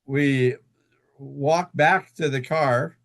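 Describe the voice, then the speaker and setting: Gravelly man telling a halting story. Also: mid-range voice, fairly even intonation. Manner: halting, with many fillers and restarts. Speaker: guest author. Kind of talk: casual interview storytelling.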